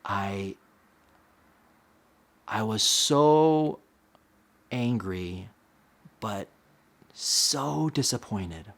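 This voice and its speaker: Earnest pastor sharing a confession. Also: male voice, fairly low pitch, animated, gravelly. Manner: earnest, halting, repeats words. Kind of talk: personal confession to camera.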